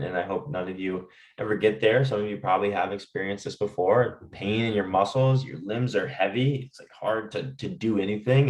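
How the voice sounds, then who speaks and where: A man calmly teaching stress management and guiding listeners through breathing exercises, often checking in with "right?". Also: lowish voice, reverberant, distant mic, low-quality recording. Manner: calm, talks directly to listeners with fillers and "right?". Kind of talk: guided lesson with breathing exercises.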